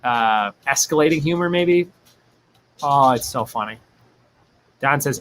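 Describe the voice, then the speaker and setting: A man's voice: medium pitch, lively intonation, a little slow, long pauses, fairly bright tone, slight background noise. A man hosting a casual livestream trivia game, joking, laughing often and reading viewer chat aloud.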